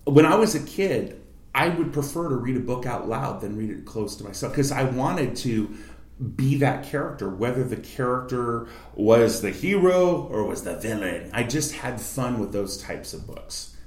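A voice actor with a medium-pitched, animated voice speaks at normal speed as a guest in a library study room. He coaches listeners on reading technique and demonstrates by reading aloud, with a roomy echo around him.

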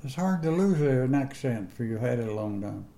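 This is an old man in his eighties, and he talks with plain country grammar. He rambles through his memories in a relaxed, unhurried way. His voice sounds mellow and warm, and it is recorded in a roomy space with some echo. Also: medium pitch. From northern Georgia, USA. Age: 80s. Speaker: interviewee. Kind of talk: casual storytelling interview.

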